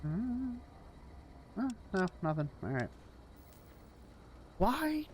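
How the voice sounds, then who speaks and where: Chatty male streamer with a lively voice. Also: high-pitched, extremely slow, slight background noise. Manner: chatty, reacting aloud to the game. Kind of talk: casual gameplay commentary.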